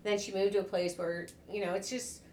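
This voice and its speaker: A woman's voice: medium pitch, little pitch movement, a little fast, a little mellow, a little hiss or hum. Middle-aged mother chatting in an echoey room. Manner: chatty, storytelling, repeats herself while she gets going. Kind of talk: casual chat.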